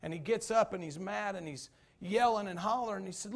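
A man's voice: sits high, fairly quick. A man pastor delivering a sermon, telling a folksy joke and then preaching emphatically.

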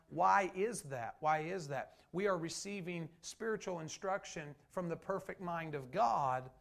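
A pastor delivers a relaxed, conversational sermon, stopping to restart sentences and acting out what people said. His voice sits high for a man and carries a gravelly edge. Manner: conversational preaching with restarts and acted-out quotes.

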